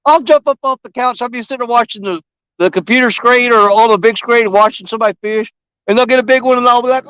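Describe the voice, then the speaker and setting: A man with a drawl talks to his viewers in a high, excitable voice, folksy and full of enthusiasm. He sits outdoors by a river, and his voice is picked up close and dry. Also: fast, clear, resonant tone, no room sound, rough recording. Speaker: fishing live streamer. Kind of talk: casual chat to viewers on a live stream.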